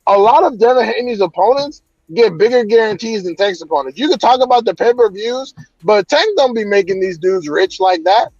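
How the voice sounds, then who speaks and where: A man's voice: sits high, animated, fairly quick, darkish tone, no echo, dull audio. A man ranting heatedly about boxing in a casual chat, cursing often. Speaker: boxing commentator.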